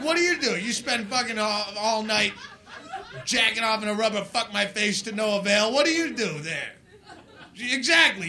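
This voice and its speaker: A man performing a live stand-up set, telling crude stories in a rant and shouting his punchlines from a club stage. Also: very high voice. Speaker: stand-up comedian. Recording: live club set with loud audience laughter.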